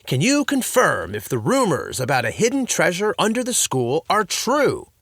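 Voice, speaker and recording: A man's voice: high voice, huge pitch swings, moderate pace, creaky, fairly bright tone, no room sound, clean studio sound, pitched above the performer's own voice, heavily acted. A man voicing a goofy, overeager dad who plays detective, talking in a theatrical, conspiratorial way in a storybook reading.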